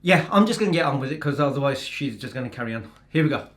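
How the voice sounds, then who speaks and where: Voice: mid-range voice, animated, quick pace, roomy sound, a little hiss or hum. A British host of a reaction video, chatting in an easygoing way and laughing along. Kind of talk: casual chat.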